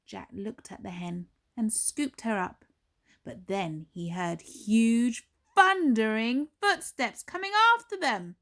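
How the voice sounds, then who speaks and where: Give me a teacher reading a storybook very slowly. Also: female voice, fairly high pitch. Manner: slow and expressive, with dramatic pauses. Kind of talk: storybook read-aloud for young children.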